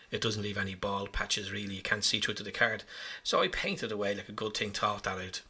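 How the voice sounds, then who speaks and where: A man's voice: lowish voice, sharp tone, husky. A man talking casually over his hobby footage in a chatty, self-mocking way, rambling as he explains each step. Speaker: hobby vlogger.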